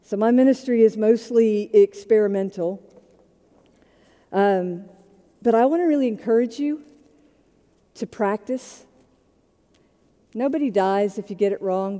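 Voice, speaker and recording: Woman preaching in an echoing hall. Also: mid-range voice. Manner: conversational storytelling, shifting between soft and loud. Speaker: pastor. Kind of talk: sermon.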